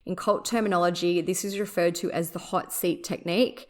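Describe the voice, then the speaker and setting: A woman hosting a podcast, reading her notes aloud in a measured way with small fillers. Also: lowish voice, fairly even intonation. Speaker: podcast host.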